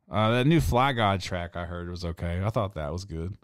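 A man's voice: low-pitched, fairly even intonation, normal speed, hardly any pauses, clear, resonant tone, no echo, clean studio sound. A young man hosting a podcast, talking in a loose, rambling, profane way with frequent laughter. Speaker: podcast host. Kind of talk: casual chat.

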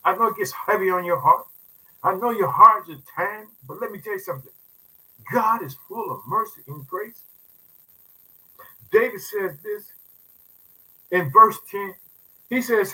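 A man preaches a sermon in a high-pitched, breathy-edged voice with lively intonation, speaking unhurriedly and pausing often. He reads psalm verses aloud, swinging from soft asides to loud scripture reading, repeatedly saying "let me tell you something", calling listeners "family", and using informal everyday grammar. The audio quality is poor.

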